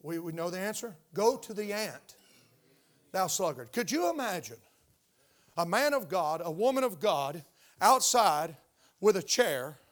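An older male pastor preaching to his congregation in church. He speaks in a fairly high voice and keeps throwing questions out to the room, stressing his points. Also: very animated, measured pace, pauses often, fairly bright tone. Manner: emphatic, call-and-response questions to the congregation. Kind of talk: sermon. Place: church sanctuary.

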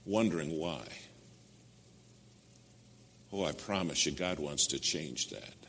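Deep-voiced preacher man in a reverberant hall. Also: lively intonation, slow pace, creaky, bright, forceful tone, slight background noise. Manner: emphatic, asks the listeners direct questions. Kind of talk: sermon storytelling.

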